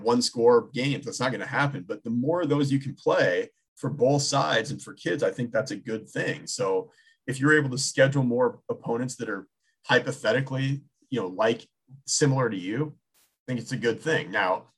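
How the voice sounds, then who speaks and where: A man in his thirties talking sports in a loose, casual way. His voice has a husky edge. He circles his points, restarting and rephrasing as he goes. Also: mid-range voice. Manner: rambling, many restarts, thinking aloud. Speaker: sports talk show co-host.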